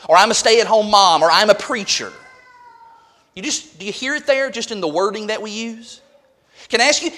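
A man preaching a sermon who reads scripture aloud and repeats key points with emphasis. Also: sits high. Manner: emphatic, repeats scripture references, swings from quiet to loud.

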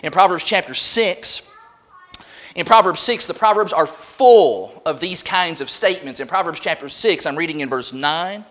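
Guy preaching a sermon, high voice that jumps around a lot, repeats his points hard. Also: expressive, moderate pace. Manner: emphatic, repeats scripture references, swings from quiet to loud.

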